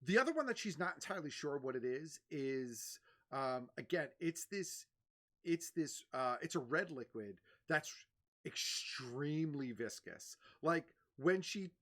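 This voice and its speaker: A woman's voice: deep voice, animated, measured pace. A young woman narrating as game master for a tabletop game, descriptive and a bit hesitant.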